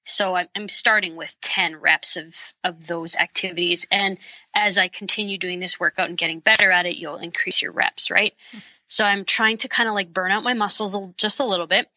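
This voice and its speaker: Woman podcast guest, bright and forceful tone, dry close sound, eager step-by-step explainer. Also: medium pitch, steady tone, brisk, no echo, low-quality recording. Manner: enthusiastic, practical, talks it through step by step. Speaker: guest, bowhunter and fitness coach. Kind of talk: podcast interview, explaining tips.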